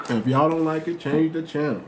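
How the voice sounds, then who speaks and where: A man hosts a casual live stream in slangy, emphatic talk, circling back to his points. His voice sits a little high for a man. The room rings with echo over a faint hiss. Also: a little fast. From United States. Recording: roomy echo, faint noise.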